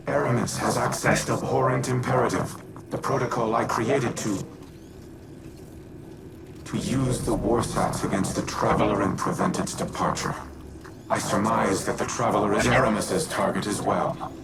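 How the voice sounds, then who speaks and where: A man voicing a grave, ancient male warmind AI in a video game, giving formal, measured commands. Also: on the low side, vocal fry, heavy background noise. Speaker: game character. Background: loud game music.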